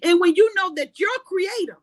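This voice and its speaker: A woman with a very high voice speaks fervently in a preaching style, echoing phrases back and building in force. Her voice sounds close and dry, with no room behind it. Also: normal speed. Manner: fervent, repeats phrases, rising to shouts. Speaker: guest. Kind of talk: preaching-style talk show conversation.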